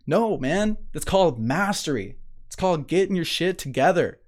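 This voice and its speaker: A man's voice: on the high side, animated, normal speed. A man hosting a motivational podcast, talking energetically and emphatically, repeating phrases, restarting sentences and laughing often. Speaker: podcast host.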